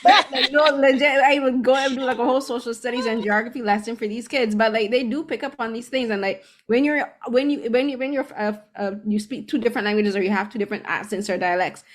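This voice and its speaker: A woman with a fairly high voice talks fast and animatedly as a podcast co-host. She is from Barbados and chats warmly, peppering her sentences with fillers. The pace runs quick throughout. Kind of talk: casual conversation.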